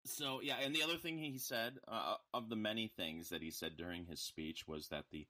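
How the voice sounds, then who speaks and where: A man co-hosting a podcast, talking haltingly with fillers in casual political chat. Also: on the low side, sharp tone. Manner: halting, with many fillers and chuckles. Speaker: podcast co-host.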